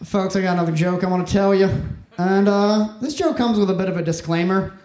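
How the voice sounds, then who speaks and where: A young man from Mississippi doing a stand-up comedy set with wry, deadpan delivery and quick asides. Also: sits high. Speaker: stand-up comic. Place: comedy club stage. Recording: roomy club sound, faint noise.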